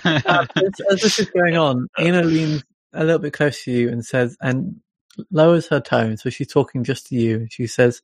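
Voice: mid-range voice, slightly rough, no echo. Game master narrating, dry close sound. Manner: halting, descriptive, thinking aloud.

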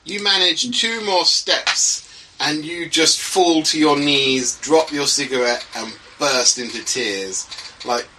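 A man's voice: fairly high pitch, slow pace, recorded from a distance, noisy background. A man acting as game master, narrating a tabletop horror game in a casual way, with lots of fillers.

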